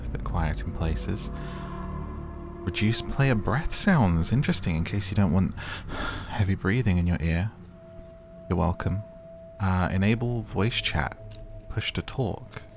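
A man's voice: sits low, animated, unhurried. A man giving casual, wry, self-mocking commentary while playing a game and reading menu options aloud. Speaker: gaming content creator. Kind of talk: casual let's-play commentary. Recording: game music behind.

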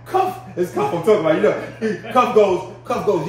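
A man from Brownsville, a podcast guest telling prison stories in a casual, animated way and acting out the voices. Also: high voice, moderate pace. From Brownsville, New York. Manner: animated, acts out voices in his stories, keeps checking in with the listener. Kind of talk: casual storytelling. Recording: echoey room, distant mic, faint noise.

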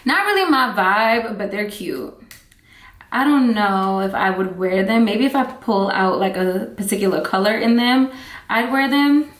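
A woman's voice: medium pitch, lively intonation, unhurried. A woman, chatting upbeat and casual to her viewers as a vlogger. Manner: chatty, upbeat, talks straight to viewers with "y'all". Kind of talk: casual chat to camera. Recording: echoey room.

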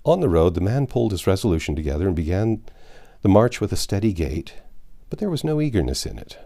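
Brief: male audiobook narrator, dark and warm tone, animated expressive reading. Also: sits low, vocal fry. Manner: expressive, measured storytelling. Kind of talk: reading a classic novel aloud.

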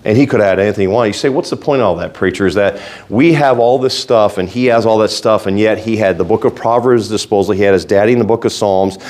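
A fervent male preacher with a fairly low voice delivers a folksy sermon. He swings from quiet, low asides to loud, urgent exhortation. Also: fast, few pauses. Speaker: pastor.

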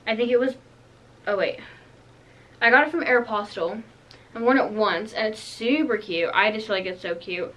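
A woman's voice: medium pitch, normal speed, pauses often, a bit bright. A teenage girl doing a casual clothing haul, rambling and chatty, full of "like" and "um". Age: teens. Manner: bubbly, rambling, lots of "like" and "um". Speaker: vlogger.

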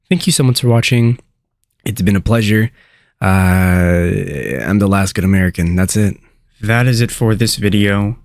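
Low-voiced man hosting a mock tutorial. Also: darkish tone, no room sound, clean studio sound. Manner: mock-grand self-introductions, drawn-out exaggerated pronunciations. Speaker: host of a pronunciation channel.

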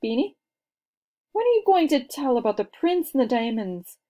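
A woman's voice: high-pitched, sing-song, normal speed, warm tone, pitched above the performer's own voice. A woman doing an eager curious child. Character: eager, curious young schoolchild.

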